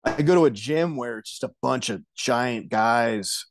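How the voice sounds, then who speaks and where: A young man, a podcast guest, talking in a hesitant, halting way with soft laughs. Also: mid-range voice, noisy background. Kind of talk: casual chat.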